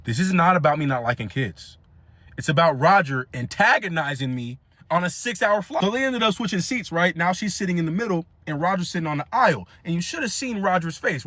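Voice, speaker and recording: A young man telling a funny story in a casual, animated way, laughing often and acting out other people. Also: high voice, dry recording.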